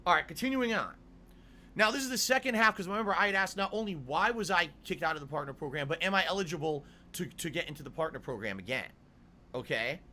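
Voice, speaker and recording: A man's voice: on the high side, animated, fast, sharp tone, slight background noise. A middle-aged male streamer ranting angrily to his viewers, swearing and repeating his demands. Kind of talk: angry rant to camera.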